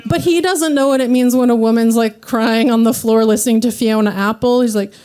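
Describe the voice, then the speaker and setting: Lady doing stand-up, slightly high voice, self-deprecating, acts out people's lines. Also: fairly quick, clean tone. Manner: self-deprecating, animated quoting of others. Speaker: comedy show host. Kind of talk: stand-up comedy set. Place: live comedy venue with audience.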